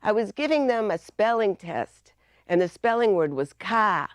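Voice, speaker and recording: A woman's voice: medium pitch, expressive, unhurried, no room sound. A woman with a Boston accent, giving a humorous icebreaker speech in a playful storytelling manner, on a video call. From Massachusetts, US. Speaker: club speaker.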